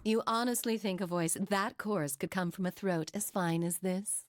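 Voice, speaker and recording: An actress playing a haughty, sharp-tongued young woman in a video game. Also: mid-range voice, normal speed, dry recording, studio quality, lightly acted. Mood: cool. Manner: haughty, cool. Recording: game audio under music.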